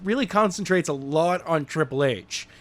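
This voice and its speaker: A man's voice: fairly high pitch, lively intonation, moderate pace, fairly bright tone. Goofy guy cohosting a wrestling podcast, voice bounces all over. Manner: goofy, playful, mock-announcer bursts. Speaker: podcast co-host. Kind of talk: casual wrestling podcast chat.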